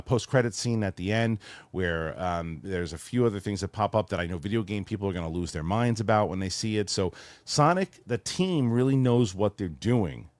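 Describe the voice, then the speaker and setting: A middle-aged man with a low voice hosts a casual chat about movies. He talks with lively energy and now and then slips into squeaky mocking impressions. The sound is close and dry, with no room around it. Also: no echo. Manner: animated, mimics voices mockingly in high squeaky tones. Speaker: show host.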